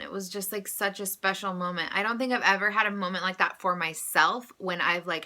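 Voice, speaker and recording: A woman's voice: fairly low pitch, bright, forceful tone. A woman in her thirties, a tarot vlogger, talking casually and emotionally, with many fillers. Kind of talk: casual vlog monologue.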